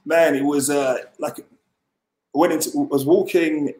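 A man's voice: on the high side, fairly even intonation, normal speed, a little mellow. A man casually telling a long personal story as a podcast guest, rambling, with lots of fillers and restarts. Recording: roomy echo.

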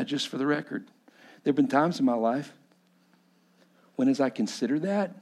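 A male pastor preaching a sermon in an impassioned storytelling style that swells loud and drops to quiet. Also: lowish voice, creaky.

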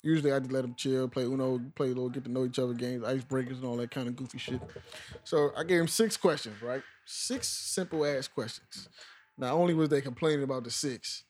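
Slangy young man telling stories fast. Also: mid-range voice, a little hiss or hum. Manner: slangy, storytelling, drops to hushed voice for quotes. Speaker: podcast co-host, new teacher. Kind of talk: casual chat.

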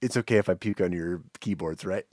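A man's voice: deep voice, brisk, a little mellow, dry recording. A man co-hosting a podcast in casual chat, laid-back, cursing and groaning into a studio microphone. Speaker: podcast co-host.

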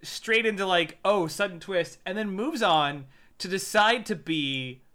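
A man's voice: high voice, measured pace, sharp tone. A man co-hosting a casual movie review podcast, exasperated and emphatic, stumbling over his starts. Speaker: podcast co-host.

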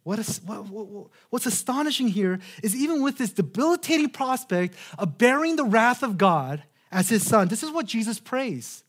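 A man in his thirties preaching a sermon in an earnest way, slowing right down on key phrases and repeating words as he restarts. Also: high-pitched, sing-song, husky. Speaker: pastor.

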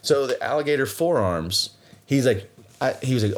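A man telling stories in a casual chat, animated and laughing often while acting out the people in them. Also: medium pitch, moderate pace.

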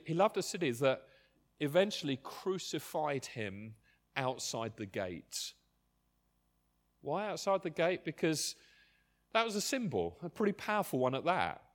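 Animated male preacher with a lively pitch. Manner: passionate, rising to near shouts then dropping to quiet. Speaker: pastor. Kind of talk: sermon.

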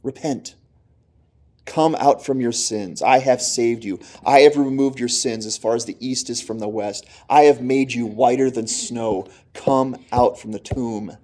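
A man voicing God as a reassuring male figure who speaks with slow, calm assurance. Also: mid-range voice, lightly acted.

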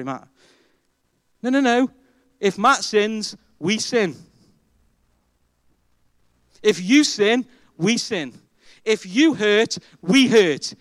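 A man preaching a sermon as pastor, emphatic and animated, asking the congregation rhetorical questions. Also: high voice, smooth, no room sound. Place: church.

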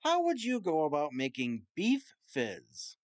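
A man hosting a comedy podcast in playful, teasing chat, quizzing his co-hosts and reading out odd recipes. His voice swings lively up and down, and the sound is close and dry with no room around it. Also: fairly high pitch, measured pace, no room sound. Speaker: podcast host. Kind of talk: casual comedic chat over a remote call.

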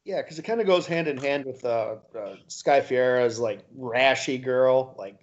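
A man's voice: medium pitch, unhurried. Laughing, profane podcast co-host man. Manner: laughs often while theorizing, loose and profane. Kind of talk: casual chat. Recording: dull lo-fi recording.

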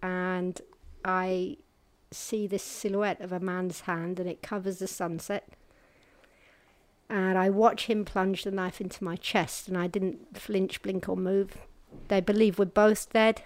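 In a dry recording, a woman with a medium-pitched voice and little pitch movement tells an audience about an ordeal. Earnest and halting, she restarts and goes hushed at the hard parts, a vivid storyteller who swings between quick stretches and slow, quiet ones.

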